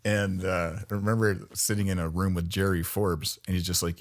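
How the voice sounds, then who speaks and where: A man's voice: low voice, fairly even intonation, normal speed. A man hosting a podcast, talking in an easygoing way and laughing often. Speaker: podcast host. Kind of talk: casual chat.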